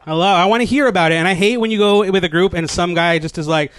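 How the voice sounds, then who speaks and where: A man's voice: high-pitched, fast, a bit bright. A man doing a stand-up set on a live stage, rambling with lots of likes and restarts and laughing at his own jokes. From New Jersey, USA. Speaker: stand-up comedian. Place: comedy stage before a live audience. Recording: live stage mic with audience noise.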